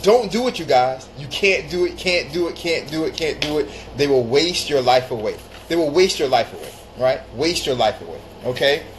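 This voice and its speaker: A man's voice: fairly high pitch, animated, moderate pace, hardly any pauses, faint music behind, poor audio. A man hosting a casual live stream, giving blunt advice and repeating phrases for emphasis while greeting viewers by name. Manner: greets viewers mid-talk.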